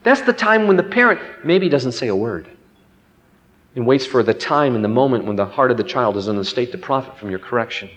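A man's voice: medium pitch, animated, a little fast, fairly bright tone, long reverb tail, rough recording. A man preaching a sermon and telling a children's story, acting out its voices.

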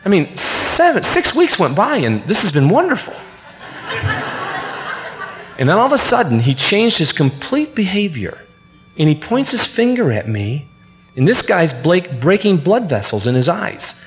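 A man's voice: fairly high pitch, big pitch swings, normal speed, long pauses, some chatter behind. A man giving an earnest, sermon-style personal testimony, acting out the quoted voices as he tells the story. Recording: reverberant hall with faint hum.

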